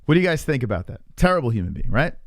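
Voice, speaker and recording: On a live stream, a man chats casually and teases his chat, swearing a lot and rambling with frequent restarts. His medium-pitched voice swings widely in pitch, comes rapid-fire and creaky, and the studio sound is clean with no room sound.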